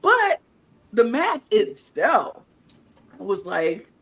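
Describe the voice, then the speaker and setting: A woman co-hosting a podcast in casual chat, retelling events in a loose, lively way and acting out what people said. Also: medium pitch, drawn-out words, slightly rough. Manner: animated storyteller, acts out quotes; loose, colloquial phrasing. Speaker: podcast co-host.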